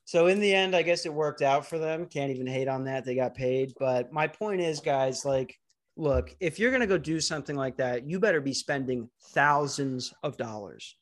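A man's voice: mid-range voice, normal speed. Man, podcast host, casual banter, teasing, crude jokes, video call mic.

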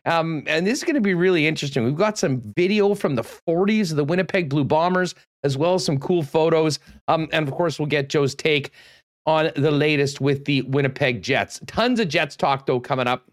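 A man hosting a sports talk show, energetic and loose, saying he is losing his voice. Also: on the high side, moderate pace. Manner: energetic, loose, with many fillers. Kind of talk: casual radio sports talk.

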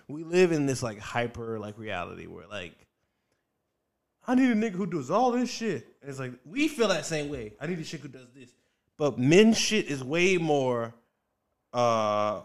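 A young man with a mid-pitched voice talks as a podcast guest. His points ramble, full of fillers, and he laughs easily as he talks. He sounds like a comedian in loose, casual chat.

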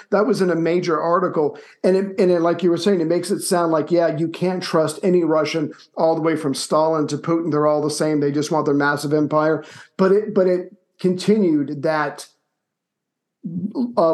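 A man talking through history in a loose, animated way, with a slightly higher voice than most men. He tells stories and swears casually, like a friend explaining something over a drink. His talk is relaxed and conversational. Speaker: co-host. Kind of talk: casual history podcast chat.

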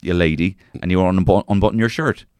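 A man's voice: low-pitched, fast talker, darkish tone, smooth, dry recording, studio quality. An Irish man co-hosting a podcast, chatting casually, swearing and joking while reading passages aloud. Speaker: podcast co-host. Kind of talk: casual chat.

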